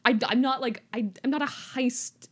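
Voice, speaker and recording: A woman's voice: high voice, fairly even intonation, normal speed, voice pushed up. A woman voicing a confused, indignant young boy wizard in a casual retelling, protesting his innocence.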